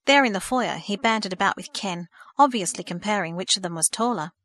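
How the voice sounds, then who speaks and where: A woman narrating a novel in a steady, measured audiobook reading. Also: medium pitch.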